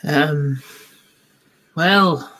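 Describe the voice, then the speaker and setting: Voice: medium pitch, drawn-out words, pushed and bright. A player in a tabletop game, cheeky and pushy when questioning. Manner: cheeky, interrogating.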